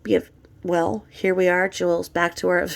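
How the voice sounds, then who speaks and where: Gravelly-voiced woman ranting sarcastically. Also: on the low side, completely flat delivery, normal speed. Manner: blunt, sarcastic, profane. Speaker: commentary podcaster. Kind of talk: gossipy commentary rant.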